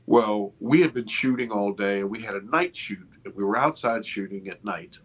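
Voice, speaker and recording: A man over fifty, an interview guest, telling a story with expressive, restarting speech. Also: fairly low pitch, moderate pace, husky. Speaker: interview guest, film producer. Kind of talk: animated storytelling in a casual interview.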